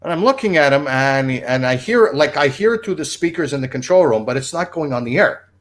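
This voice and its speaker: A man's voice: fairly high pitch, a little fast. A man, a former radio producer, telling a long, rambling story on a livestream and laughing along as he tells it. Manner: rambling, animated, laughs at his own story.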